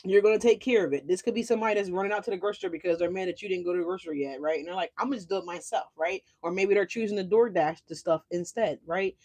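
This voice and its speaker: A woman's voice: on the low side, very fast, few pauses, a little mellow. A woman giving a casual tarot reading, chatty and profane, tossing in "right?" asides. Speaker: tarot reader.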